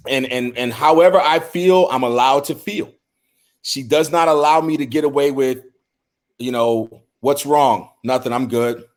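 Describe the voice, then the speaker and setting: A man's voice: mid-range voice, normal speed. A middle-aged man co-hosting a podcast, talking earnestly and from the heart, often restarting his words. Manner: earnest, heartfelt, with frequent repeated starts. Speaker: podcast co-host. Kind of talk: casual discussion.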